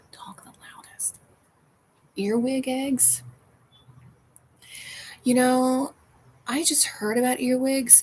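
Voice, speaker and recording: A woman's voice: fairly high pitch, a little mellow, slight background noise, low-quality recording. Rambling woman on a home livestream. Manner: rambling, restarts often, drops into whispers. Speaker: streamer reading chat. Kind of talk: casual livestream chat. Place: her home.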